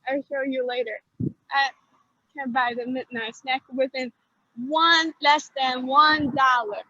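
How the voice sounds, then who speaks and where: A woman with a high voice gives a casual walking tour of her street over a phone call. She speaks simple, halting English as she points things out. The audio is muffled and dull. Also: steady tone, sharp tone. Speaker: guest showing her street on a video call. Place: outdoors on a city street.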